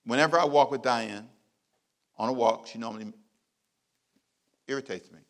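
A middle-aged man, a pastor, preaching a sermon with emphatic repeated phrases and big swings in loudness. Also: medium pitch, normal speed.

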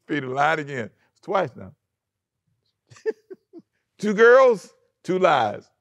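A man pastor preaching a sermon in an animated way, acting out quoted lines and chuckling often. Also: a little high, measured pace, gravelly, pauses often, dry recording, clean studio sound.

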